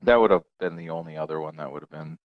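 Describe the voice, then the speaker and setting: A man chatting casually as a podcast guest, playful and quick to laugh. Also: very deep voice, no room sound, narrow, tinny audio.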